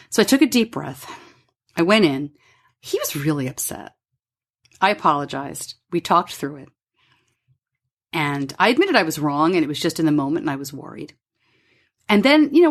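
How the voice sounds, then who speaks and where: A woman talks into the mic in her home studio, her voice rising and falling a lot as she tells a personal story. She sounds middle-aged and candid, and she acts out the other voices in her story. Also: lowish voice. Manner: candid, animated, acts out quoted dialogue. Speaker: podcast host.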